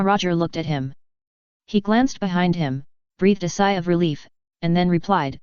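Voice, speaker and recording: Smooth-voiced woman narrating an audiobook. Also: fairly low pitch, normal speed, darkish tone, no room sound. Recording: dull dry lo-fi audio.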